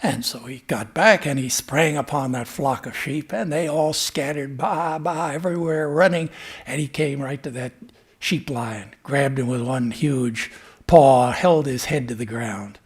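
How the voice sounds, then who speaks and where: A man giving a spiritual talk in a temple, mixing a teaching tale with philosophy. His voice is husky and mid-pitched, moving between animated storytelling and hushed, quiet emphasis. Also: measured pace. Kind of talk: sermon with storytelling.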